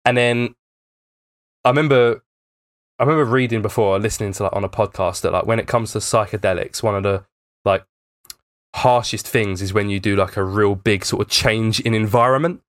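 A man's voice: lowish voice, brisk, no echo, clean studio sound. A young man in casual podcast chat, rambling through a story with plenty of fillers and swearing.

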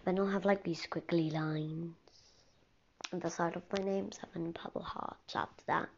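Rambling whispery girl with gravelly fry. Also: fairly low pitch, steady tone, moderate pace. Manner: rambling, often drops to a whisper. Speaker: podcast host. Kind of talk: casual solo podcast. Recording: dull lo-fi recording with faint hiss.

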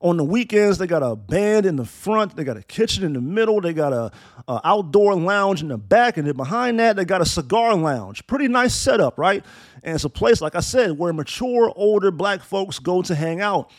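A man's voice: high-pitched, expressive, moderate pace, no echo. A man in his thirties giving a blunt, profane opinion monologue and telling a story from his own life. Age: 30s. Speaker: commentator.

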